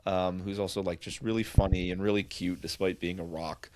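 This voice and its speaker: A man's voice: low voice, level tone, a little fast, darkish tone, no echo. A man co-hosting a podcast, rambling enthusiastically about films in casual chat with lots of fillers. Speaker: podcast co-host.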